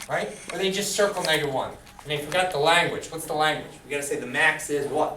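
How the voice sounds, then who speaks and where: A fairly high-voiced male math teacher lectures to his class, tossing questions at the students to keep them engaged. He is heard from across an echoey classroom, with faint room noise behind him. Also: quick pace, hardly any pauses, recorded from a distance. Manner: lively, quizzes students, animated. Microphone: camera far from the speaker.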